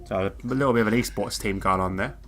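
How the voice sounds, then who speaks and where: A man from the United Kingdom giving casual live race commentary, relaxed and joking with his co-host. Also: lowish voice, quick pace. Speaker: co-commentator of a sim racing league.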